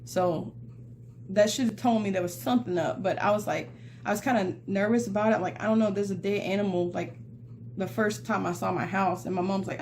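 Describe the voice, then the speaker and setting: A young woman with a Southern US accent, chatting animatedly through a casual storytime while crafting and mimicking beeping sounds in squeaky bursts. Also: fairly even intonation, brisk, a little mellow, slight background noise. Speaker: craft vlogger.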